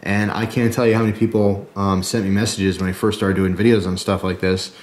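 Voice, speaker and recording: Low-voiced chatty man with a New Jersey accent. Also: little pitch movement, brisk, darkish tone. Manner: chatty, jokey asides, frequent "okay?" and "right?". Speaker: survival video host. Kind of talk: casual show-and-tell talk.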